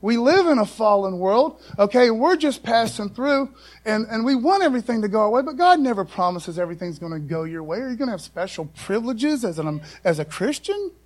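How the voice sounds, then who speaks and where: A man's voice: high voice, big pitch swings, fairly quick. A man preaching a casual, folksy sermon full of asides to the congregation. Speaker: pastor.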